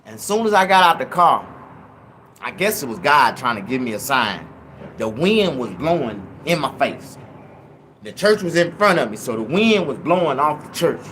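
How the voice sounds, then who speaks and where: A man telling a profane, comedic story in an animated, loud way. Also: medium pitch, moderate pace, slight background noise.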